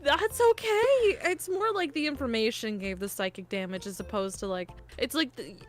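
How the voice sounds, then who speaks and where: Canadian girl streaming, laughs a lot, kinda high voice, soft music in the back. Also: moderate pace. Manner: giggly, animated, swears freely. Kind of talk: casual chat.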